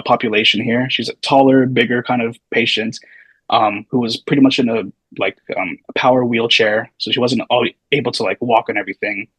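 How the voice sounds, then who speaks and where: A man in his thirties tells stories in a relaxed, rambling way as a podcast guest. His voice has a slightly husky edge, and the recording is close and dry, with no room sound. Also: medium pitch, no echo, low-quality recording. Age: 30s. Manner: loose, meandering, full of hedging asides. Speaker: podcast guest, physical therapy student. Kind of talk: casual storytelling.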